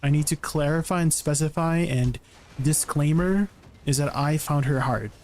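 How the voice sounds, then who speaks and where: A man's voice: on the high side, normal speed, a little mellow, slight background noise. Chatty male game streamer. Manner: chatty, answers chat questions, tags sentences with "right?". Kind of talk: casual livestream chat while gaming.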